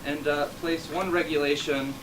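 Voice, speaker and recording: Man hosting an improv show, playful, a bit high pitched, heard from afar on a noisy stage. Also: fairly even intonation, normal speed. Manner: playful, upbeat, coaxing the crowd. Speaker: referee and host of an improv show. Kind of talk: addressing a live audience. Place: theater stage. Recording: distant, noisy live room.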